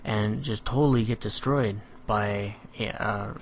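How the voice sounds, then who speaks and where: A man giving a relaxed, analytical voice-over on his own competitive match, filling pauses with "you know". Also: lowish voice. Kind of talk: gameplay commentary voice-over.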